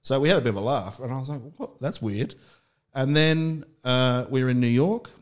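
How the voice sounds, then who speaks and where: A man's voice: medium pitch, fast, clear, resonant tone. A middle-aged Australian man telling personal stories candidly in casual conversation, with frequent restarts. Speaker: podcast guest.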